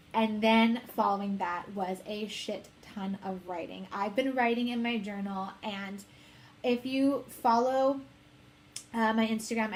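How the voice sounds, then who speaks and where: A woman's voice: medium pitch, a little hiss or hum. A woman in her late twenties talking candidly in an unscripted monologue, rambling and quoting conversations in her own voice. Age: 20s. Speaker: host.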